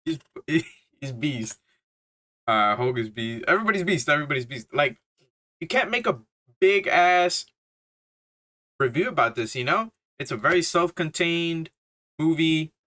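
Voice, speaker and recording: A man's voice: fairly high pitch, expressive, slow pace, long pauses, pushed and bright. A young man giving a casual, rambling movie review, full of slang, swearing and fillers. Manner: swears a lot, laughs, filler-heavy slang.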